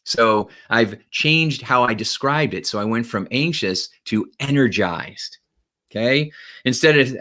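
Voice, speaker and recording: A male motivational speaker with a bright, forceful voice addresses his viewers. His delivery is energetic and emphatic, and he keeps checking in with quick tag questions. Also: medium pitch. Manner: energetic, emphatic, frequent "right?" and "okay?" check-ins.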